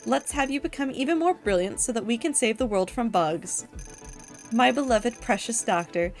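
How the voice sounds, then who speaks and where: Woman voicing a sugary, condescending AI mentor, lowered voice, faint music under. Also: animated, normal speed. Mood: patronizing. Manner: lavish, patronizing praise.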